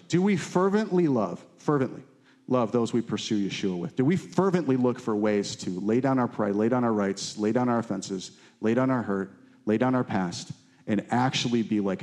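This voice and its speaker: A man preaching a sermon with fervent emphasis, climbing high on key lines and dropping low and quiet on others. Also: fairly quick. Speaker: pastor.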